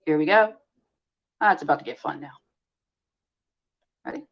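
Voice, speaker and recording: A woman's voice: deep voice, animated, moderate pace, gravelly. A woman hosting a livestream in casual chat, teasing her viewers and talking to them while she fiddles with her devices. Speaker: livestream host. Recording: lo-fi livestream audio.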